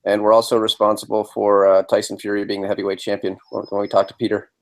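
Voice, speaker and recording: A man with a low voice chats on a live boxing podcast. He talks bluntly and makes crude, provocative jokes, keeping the tone loose and casual. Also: completely flat delivery, fast talker. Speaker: podcast co-host.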